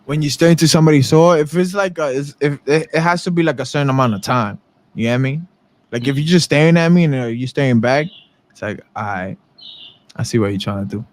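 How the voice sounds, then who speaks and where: A man's voice: fairly high pitch, fast. A young man co-hosting a podcast, telling a street story in casual chat and acting out the people he quotes. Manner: animated storyteller acting out quotes in different voices. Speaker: podcast co-host.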